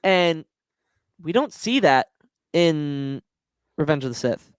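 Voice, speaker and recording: Slow-talking, gushing male podcaster. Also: fairly high pitch, expressive, smooth, no room sound. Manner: emotional, gushing fan enthusiasm. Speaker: podcast host. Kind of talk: casual chat.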